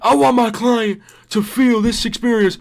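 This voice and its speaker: A man's voice: very high voice, fairly even intonation, normal speed, creaky, voice pushed up. A man putting on a grandiose male fighter acting as a lawyer, speaking in a sing-song motivational way. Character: dreamy preachy male fighter-lawyer, airy.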